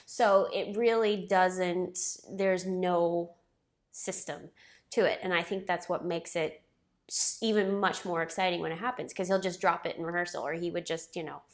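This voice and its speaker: A woman's voice: lowish voice, steady tone, moderate pace. A woman in her thirties, a former ballet soloist, telling a story casually, chatty and self-deprecating, acting out what others said.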